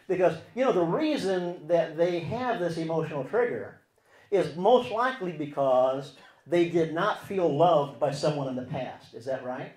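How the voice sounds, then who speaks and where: A man teaching in a sermon style who keeps asking his listeners rhetorical questions and moves between loud, emphatic stretches and quiet asides. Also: high voice. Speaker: Christian relationship teacher. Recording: echoey room.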